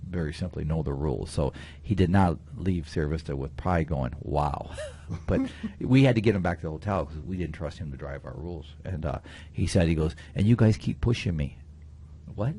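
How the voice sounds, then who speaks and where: A man, a county sheriff, telling a story in a folksy, animated way on a radio show in a studio. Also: rumbling low, fairly quick, husky.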